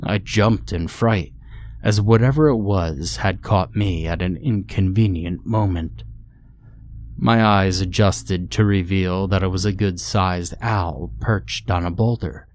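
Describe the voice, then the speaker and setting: A man narrating a horror story in a steady, ominous storytelling manner. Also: deep voice, slow pace. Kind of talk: scripted narration.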